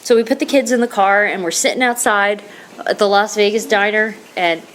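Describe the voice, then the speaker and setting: A woman's voice: medium pitch, fairly quick, fairly bright tone, a little hiss or hum. A middle-aged woman telling her personal recovery story at a meeting, heartfelt and rambling, full of restarts and "you know".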